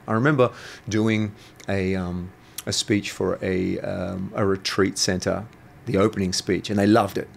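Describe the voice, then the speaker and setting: Deep, gravelly, and a little mellow, the voice belongs to a man guesting in an interview as an intuitive coach. He tells stories bluntly and provocatively, cursing freely, with a slight hiss or hum in the background.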